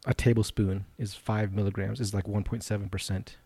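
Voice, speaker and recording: A man co-hosting a podcast in casual banter, goading his partner and reading facts aloud flatly. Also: on the low side, a little fast, slightly rough. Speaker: podcast co-host.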